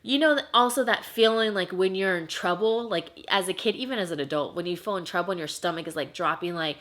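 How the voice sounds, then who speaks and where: A woman's voice: on the low side, brisk, hardly any pauses, fairly bright tone. A young woman vlogger telling a personal paranormal story in a chatty, emotional way, with many fillers. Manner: chatty, emotional, heavy use of "like". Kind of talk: casual storytime vlog.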